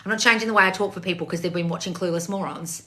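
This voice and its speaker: Speaking very fast in a fairly low, steady voice that sounds pushed and bright, this woman works as a manifestation coach. She goes through livestream comments and scolds her audience bluntly, swearing a lot in an exasperated, tough-love way.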